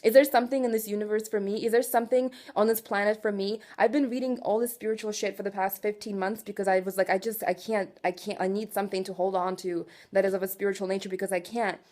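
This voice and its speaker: A woman in her twenties venting in an emotional confessional rant, raw and profane, swinging from quiet weariness to loud exasperation and asking again and again whether you follow her. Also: mid-range voice, fairly even intonation, fast, few pauses. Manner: raw, profane, keeps asking "do you know what I'm saying". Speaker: vlogger.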